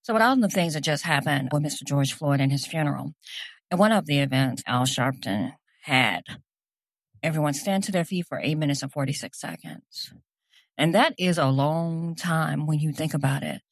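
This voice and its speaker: A woman's voice: deep voice, moderate pace, dry recording. A woman giving an impassioned personal address, speaking earnestly and emphatically and repeating phrases for stress.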